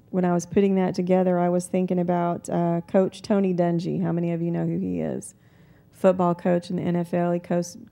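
A woman preaching a sermon in a calm, conversational way, weaving in personal stories. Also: fairly low pitch, vocal fry.

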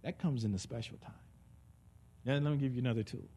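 A man preaching a conversational sermon. He is animated and joking, and swings between soft and loud delivery. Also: medium pitch, fast talker, slightly rough.

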